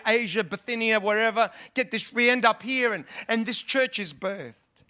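A man's voice: high voice, normal speed, bright, forceful tone. A man preaching a sermon to his church in an earnest, conversational way, often restarting his sentences. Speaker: pastor.

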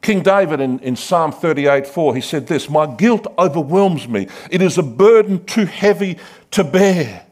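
A male pastor preaching a sermon, dramatic, swinging from loud calls to hushed asides and acting out quoted voices. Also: fairly high pitch, animated, a little slow.

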